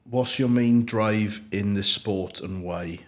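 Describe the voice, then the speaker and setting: A man's voice: on the low side, takes it slowly. A man hosting a podcast interview, laid-back and jokey, swearing casually. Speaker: podcast host.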